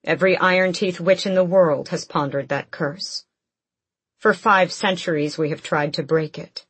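A woman reading a young witch in a cold, tight voice, low and husky, in an audiobook. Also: moderate pace, fairly bright tone, no room sound. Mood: grim.

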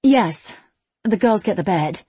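Lady doing a sardonic tired young woman, husky, a bit higher, close dry sound. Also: expressive, slow, warm tone, dry recording. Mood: wry.

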